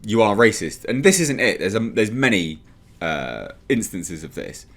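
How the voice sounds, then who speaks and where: A man's voice: fairly low pitch, sing-song, moderate pace, fairly bright tone. Sarcastic ranting man. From United Kingdom. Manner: sarcastic, exasperated, mocks others in put-on voices. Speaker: commentary vlogger. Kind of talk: ranting commentary.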